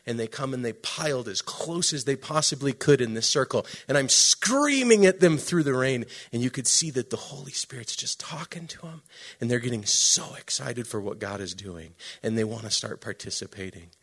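A man preaching a sermon, telling a story with emphatic swings between loud and hushed delivery. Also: mid-range voice, expressive, normal speed, breathy edge. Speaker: pastor.

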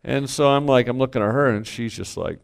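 A middle-aged man, a pastor, telling a candid family story to a congregation, self-mocking and swinging from quiet asides to loud punchlines. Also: medium pitch, brisk, vocal fry, clear, resonant tone. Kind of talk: storytelling sermon.

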